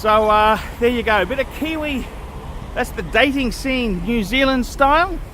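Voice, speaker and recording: A man's voice: very high-pitched, lively intonation, normal speed, pushed and bright. A man vlogging outdoors, talking in a blunt, repetitive, cynical way, with faint traffic noise around him. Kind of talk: casual vlog monologue. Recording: faint street and car noise.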